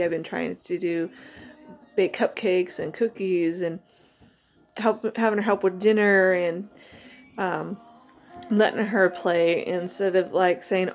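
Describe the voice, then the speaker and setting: A mother reads from her journal, then talks reflectively and a little nervously, pausing and restarting as she goes. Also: on the low side. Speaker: mother vlogging.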